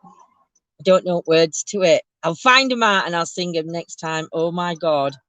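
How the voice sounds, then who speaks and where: A woman's voice: fairly low pitch, unhurried, a bit bright, no echo. Chatty woman talking in a car. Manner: chatty, rambling, laughs often, lots of ums. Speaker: host of a ghost tour show. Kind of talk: casual chat from a car. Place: inside a moving car at night. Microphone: handheld camera.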